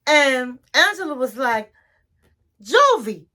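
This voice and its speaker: A woman in casual commentary, recapping a reality TV episode in a chatty, drawn-out way with frequent restarts. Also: high-pitched, animated, fairly bright tone.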